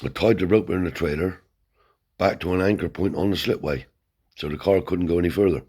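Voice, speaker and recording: A man with a very low, husky voice tells a rough-edged tale from his past. He talks bluntly and swears freely, seated as he spins the story. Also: a little fast. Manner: blunt, swears heavily, animated yarn-spinning. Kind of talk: casual spoken storytelling. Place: seated indoors.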